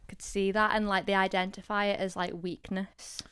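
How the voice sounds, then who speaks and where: A woman co-hosting a relaxed podcast, chiming in and agreeing in a conversational way. Her voice is very smooth and clear, at a middle pitch. The sound is close and dry. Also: normal speed, no room sound. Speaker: podcast co-host. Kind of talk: casual podcast chat.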